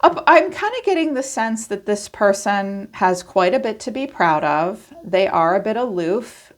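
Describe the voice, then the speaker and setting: A woman's voice: mid-range voice, animated, unhurried. A woman giving a casual tarot card reading, chatty and informal, thinking aloud as she goes. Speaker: tarot reader.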